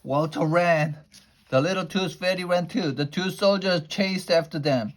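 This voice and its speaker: Man storyteller, unhurried picture-book read-aloud with the odd slip and restart. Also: high-pitched. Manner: unhurried, with small slips and restarts.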